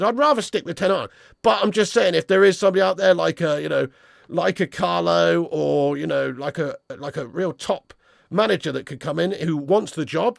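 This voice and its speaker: A man's voice: high-pitched, vocal fry, no room sound, clean studio sound. A young man hosting a casual live stream about football, reading chat comments aloud and answering them bluntly, with plenty of swearing.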